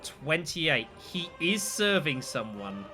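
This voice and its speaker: A man hosting a casual video game let's play, chatting in a lively way and swearing freely. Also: fairly high pitch, slow. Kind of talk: casual gameplay commentary. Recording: game music behind. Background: game music.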